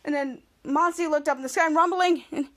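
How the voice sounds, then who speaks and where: A woman's voice: high voice, a little fast, fairly bright tone. A woman hosting a podcast, giving a rambling casual recap of a TV episode and often restarting her sentences. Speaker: podcast host.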